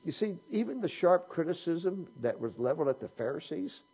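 A man's voice: a little high, very animated, a little fast, mellow, slightly rough. A man preaching a sermon in a conversational way, asking his listeners many rhetorical questions. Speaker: pastor.

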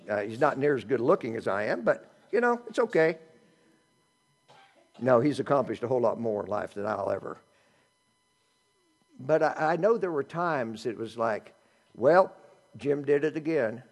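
Animated pastor, lively pitch. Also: male voice, moderate pace, long pauses. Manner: animated, joking asides, shifts from loud to hushed. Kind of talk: sermon.

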